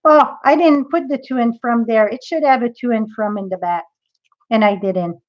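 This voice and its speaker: A woman's voice: on the high side, moderate pace, dull audio. A woman demonstrating a craft project in a live tutorial, chatty and thinking aloud as she works.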